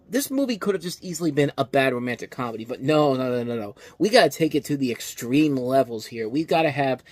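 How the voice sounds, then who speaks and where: A man's voice: medium pitch, no room sound. A man giving a casual, exasperated movie review, rambling with frequent restarts. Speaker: film reviewer.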